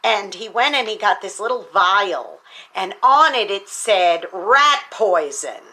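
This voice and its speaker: Bright, chatty woman giving a devotional talk. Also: mid-range voice, lively intonation, unhurried. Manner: chatty and encouraging, with many fillers. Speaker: teacher and speaker hosting a devotional show.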